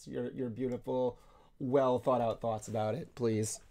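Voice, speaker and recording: A man in his twenties hosting a casual online talk show, teasing his co-hosts in an animated, swearing way. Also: mid-range voice, a little slow. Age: 20s. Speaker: podcast host. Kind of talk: casual chat.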